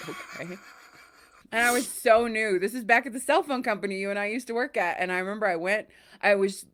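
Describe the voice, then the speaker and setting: A young woman hosts a casual podcast chat. She tells stories in a lively way and slips into the voices of the people she quotes, with a middle-pitched, everyday tone. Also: normal speed, long pauses. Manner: animated, acts out quoted voices. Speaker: podcast host.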